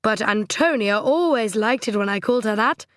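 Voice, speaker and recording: A woman's voice: medium pitch, lively intonation, normal speed, a bit bright, no room sound, studio quality, natural voice. A woman voicing a fussy, petulant middle-aged widower in an audiobook, whining and aggrieved. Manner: whiny, indignant, aggrieved. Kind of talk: audiobook character voice.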